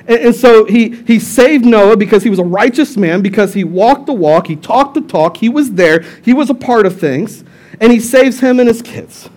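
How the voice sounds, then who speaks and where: Animated high-voiced male pastor. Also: normal speed. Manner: animated storyteller who jumps into high-pitched voices for characters. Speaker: lead pastor. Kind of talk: casual, humorous sermon.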